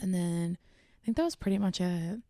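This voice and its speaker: Casting: young woman podcast co-host, relaxed and filler-heavy, lowish voice with some fry, dry close sound. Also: a little fast, dry recording. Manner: relaxed, filler-heavy, reads listener questions. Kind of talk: casual chat.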